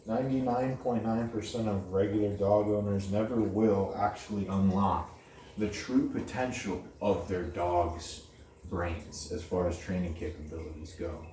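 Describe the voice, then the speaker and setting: A man with a low, warm voice explains puppy training in a blunt, plain way, often adding "okay?". He is picked up from a distance by the camera, with a roomy sound and a faint hiss behind him. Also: fairly even intonation, a little slow. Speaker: dog trainer. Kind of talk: casual instructional talk.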